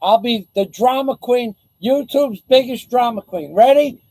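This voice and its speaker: A man rambles sarcastically to his viewers, taunting a rival in a slow, drawn-out delivery. His voice sits unusually high for a man. The recording is dry and close, with no room around it. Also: darkish tone, no room sound, rough recording. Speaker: vlogger. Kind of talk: casual mocking chat to camera.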